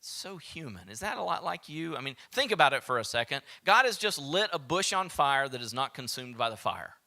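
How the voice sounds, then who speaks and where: A man with a Southern American accent preaching a sermon as pastor, animated and acting out quoted voices, sometimes dropping to a hushed whisper. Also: mid-range voice, brisk.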